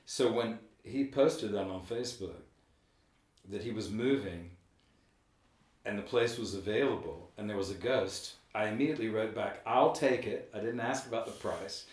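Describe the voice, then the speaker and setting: A man in his middle years hosts a casual podcast, talking in a loose, rambling way and trailing off mid-thought. His voice sits fairly low. The room echoes around him and he is heard from a bit back off the mic. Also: normal speed, a little mellow, far from the mic. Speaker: podcast host. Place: room in an old building. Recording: roomy, from off the mic.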